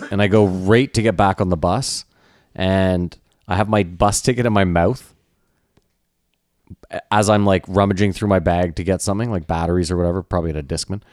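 A man co-hosting a podcast, telling stories in a loose, profane, animated way. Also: fairly low pitch, moderate pace, no room sound, clean studio sound. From Canada. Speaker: podcast co-host. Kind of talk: casual podcast chat.

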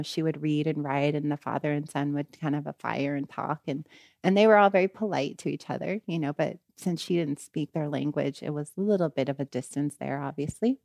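A woman with a lowish, grounded voice tells a story casually and with feeling, peppering it with "you know" and "right?". The sound is close and dry, with no room around it. She lifts her voice when she gets caught up in the telling. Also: dry recording. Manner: animated retelling, frequent "you know" and "right?"; gets louder and higher when she quotes the people in the story.

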